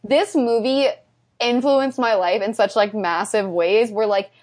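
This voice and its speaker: A young woman with a high, light voice talks through a movie in casual podcast chat. She is animated and laughs often, tossing in quick asides as she goes. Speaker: podcast co-host.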